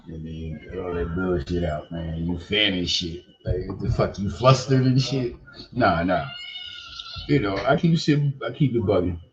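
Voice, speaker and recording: A man's voice: low-pitched, normal speed, highs cut off, slight background noise. An older man hosting a podcast, talking in a loose, rambling, slangy way full of profanity and "you know what I mean.". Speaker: podcast host. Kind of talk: casual livestream chat.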